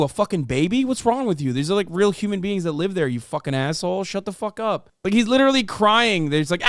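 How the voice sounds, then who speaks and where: Male streamer for reaction commentary, heated and profane, slightly higher voice and clean tone. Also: big pitch swings, a little fast, no room sound, studio quality.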